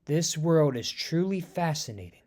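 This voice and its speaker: A man's voice: a little high, lively intonation, moderate pace, darkish tone, close to an everyday voice. A man voicing a cold, haughty silver alien herald who speaks in grave, formal lines.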